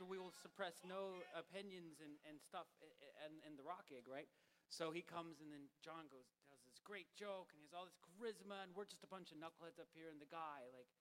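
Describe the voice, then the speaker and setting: A man leading a band and emceeing a live gig, bantering in a loud, rambling, self-deprecating way through a stage microphone. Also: high voice, slight background noise. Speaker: bandleader and emcee. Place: live music venue on stage.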